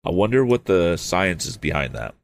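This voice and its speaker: A man's voice: sits low, big pitch swings, normal speed, vocal fry. A man reading an old novel aloud, stopping for hesitant, apologetic asides. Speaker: audiobook reader.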